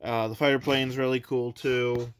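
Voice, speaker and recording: A man's voice: mid-range voice, little pitch movement, normal speed, a little hiss or hum. A man casually reviewing his toy collection at home, rambling and hesitant, with frequent fillers and restarts.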